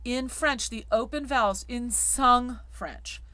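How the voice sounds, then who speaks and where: A woman teaching sung diction, sounding out vowels and words slowly before explaining quickly. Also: a little high, bright, forceful tone, dry recording. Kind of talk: spoken diction lesson.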